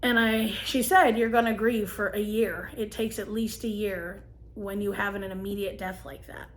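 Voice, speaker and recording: A woman, telling a personal story and giving gentle, earnest advice to camera as a vlogger. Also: mid-range voice, fairly even intonation, normal speed. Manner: earnest, gentle, emotional at times.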